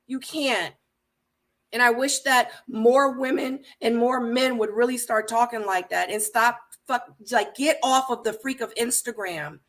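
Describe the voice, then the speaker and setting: A woman's voice: fairly high pitch, a little slow, fairly bright tone. Emphatic woman ranting as recap host. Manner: emphatic, ranting, repeats her points. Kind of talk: casual reality-show recap commentary.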